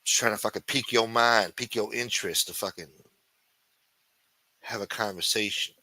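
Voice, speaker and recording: Loud profane man ranting on a livestream. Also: on the low side, fairly even intonation, normal speed, no echo. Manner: loud, taunting, swings between shouting and muttering; rambling, swears constantly, answers chat aloud. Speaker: livestream host. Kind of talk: profane live chat rant.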